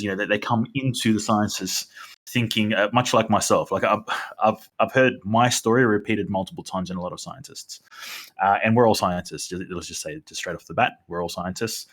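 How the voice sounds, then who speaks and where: Low-voiced man telling a rambling story. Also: fairly bright tone. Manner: rambling, filler-heavy storytelling. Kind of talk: casual chat.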